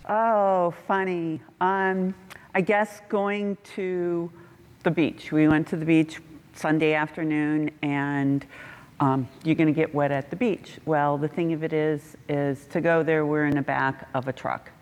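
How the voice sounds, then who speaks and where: A middle-aged woman telling animated stories about a mission trip, breaking into acted voices, in a church hall. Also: measured pace. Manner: animated, laughing, acts out quotes with big pitch jumps. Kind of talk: casual storytelling. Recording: reverberant hall.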